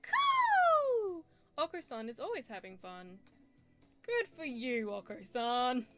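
A woman's voice: sits high, wildly swooping pitch, slow pace, over music. A woman chatting casually while playing a game with a friend, giggling and reading the game's lines aloud in playful voices. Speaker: let's play co-host. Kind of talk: casual gameplay chat, reading dialogue aloud.

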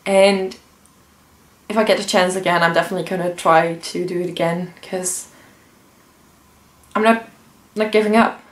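A woman's voice: lowish voice, fairly even intonation, normal speed, pauses often. A young woman telling a personal story in an emotional, earnest vlog, with many fillers and restarts. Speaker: vlogger. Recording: roomy echo.

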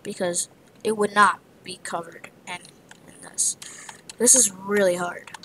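A woman's voice: medium pitch, fairly even intonation, unhurried, fairly bright tone, slight background noise, poor audio. A woman narrating her own gameplay, muttering to herself in a half-whisper with frustrated outbursts. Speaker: gamer. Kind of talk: let's play commentary.

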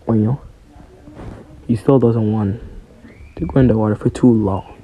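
A man's voice: on the low side, moderate pace, phone-quality sound, a little hiss or hum. A man casually narrating a fan-made story, hesitant and full of fillers.

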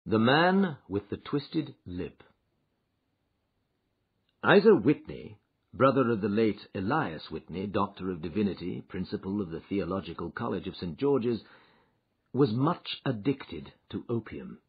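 A man giving an expressive, dramatic reading of a classic detective story, in a dull lo-fi recording. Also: lowish voice, unhurried, husky. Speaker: audiobook narrator. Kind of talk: scripted narration of a classic story.

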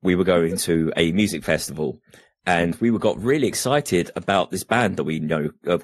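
Low husky man, joking around. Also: normal speed, dry recording, studio quality. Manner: joking, teasing. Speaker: podcast co-host. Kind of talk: casual chat.

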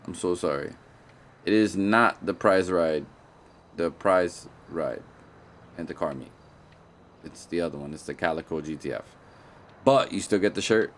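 Laid-back low-voiced male game streamer. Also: a little hiss or hum. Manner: playful, slangy, often apologetic, repeats himself. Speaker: gaming streamer. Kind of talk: casual live-stream commentary.

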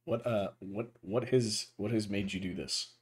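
Brief: low-pitched male podcast host, loose and profane, tells stories with energy. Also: a little slow. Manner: profane, animated storyteller. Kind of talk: casual gaming chat.

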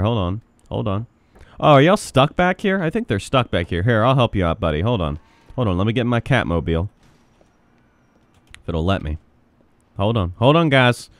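A man doing playful role-play gaming commentary on a headset mic, excitable and profane, bursting into shouts. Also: mid-range voice, dry recording. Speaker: gameplay commentator.

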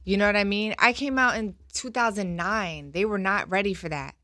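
A woman in her thirties talking candidly as an interview guest in a relaxed, casual way. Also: medium pitch, normal speed, dry recording, clean studio sound. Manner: candid and relaxed, with fillers and laughs.

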